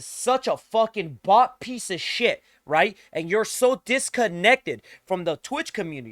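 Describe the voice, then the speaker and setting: High-voiced man in a furious profane rant. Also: dry recording, studio quality. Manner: yelling, insulting, repeats lines. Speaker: streamer.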